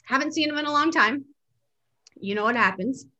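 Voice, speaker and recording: A woman chatting casually as a co-host, telling an animated personal story, laughing often and acting out what people said. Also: high voice, a little fast, lo-fi sound.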